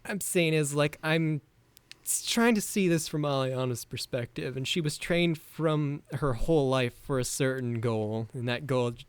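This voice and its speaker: A man's voice: mid-range voice, unhurried, smooth, no room sound. A man playing a tabletop role-playing game, talking hesitantly with many restarts. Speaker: player. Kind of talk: casual tabletop role-play.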